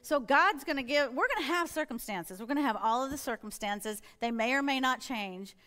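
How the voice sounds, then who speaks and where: A middle-aged woman with a slightly high voice gives a sermon-style testimony as a church elder. She speaks earnestly and with animation, slipping into quoted inner dialogue as she tells her story. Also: lively intonation, fairly quick, sharp tone.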